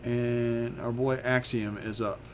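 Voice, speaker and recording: A man runs a tabletop game as its game master, narrating combat at a slow, deliberate pace. His voice sits mid-range, with small pauses and fillers as he works out each move. A faint hiss runs under the recording. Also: medium pitch, level tone. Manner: unhurried, halting narration with frequent fillers.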